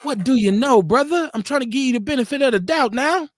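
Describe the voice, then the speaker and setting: A man's voice: extremely high pitch, lively intonation, fast, no room sound, clean studio sound. A middle-aged man from Milwaukee hosting a casual live-stream talk show, telling street stories with blunt, profane slang. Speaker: radio show host.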